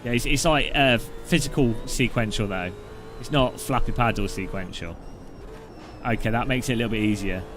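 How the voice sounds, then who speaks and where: A man's voice: mid-range voice, moderate pace, over music. A man giving casual, joking commentary while driving a racing sim, chatty and rambling with frequent laughs and restarts. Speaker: sim racing video host.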